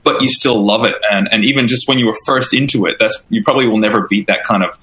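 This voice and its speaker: A man's voice: on the low side, quick pace, pushed and bright, low-quality recording. A man interviewing a guest in casual chat, easygoing and agreeable as he asks questions.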